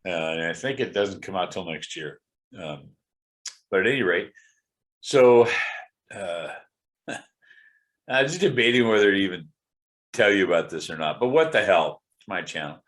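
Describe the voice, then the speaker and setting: Deep-voiced middle-aged guy rambling through a casual update, stuffed-up and worn out, lots of ums and restarts. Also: lively intonation, measured pace, long pauses, a bit bright. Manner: rambling, candid, many fillers and restarts. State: congested, tired. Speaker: video blogger.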